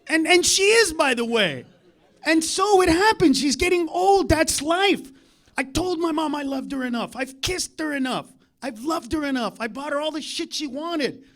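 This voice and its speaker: A man doing a live stand-up comedy set on a club stage, ranting and profane, swinging between loud outbursts and mock-serious asides. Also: very high-pitched, lively intonation, normal speed.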